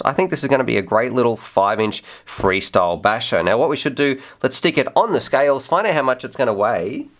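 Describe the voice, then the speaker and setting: A man's voice: medium pitch, a bit bright. A man hosting a casual drone review with an upbeat, chatty manner, doubling words for emphasis. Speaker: host of a drone review channel.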